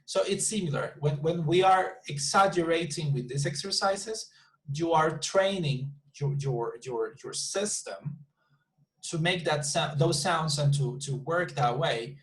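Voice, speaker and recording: A man's voice: on the high side, expressive, unhurried, poor audio. A man teaching an English class over a video call, explaining at length, often repeating words and checking in with "you see".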